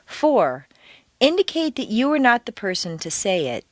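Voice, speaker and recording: A woman teaching pronunciation on a scripted audio course, speaking deliberately and exaggerating the stressed words. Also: on the high side, big pitch swings, slight background noise.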